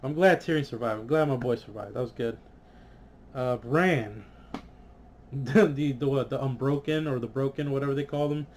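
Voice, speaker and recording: A man at an ordinary middle pitch vlogs a loose, frustrated review. He swears freely and peppers his talk with fillers. A faint background hiss sits under the voice. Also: moderate pace, darkish tone. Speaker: vlogger reviewing a TV episode. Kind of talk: casual ranting review.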